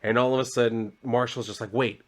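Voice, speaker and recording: A man's voice: medium pitch, steady tone, fast talker. A man casually recapping a comic book issue, rambling with lots of filler words and offhand swearing.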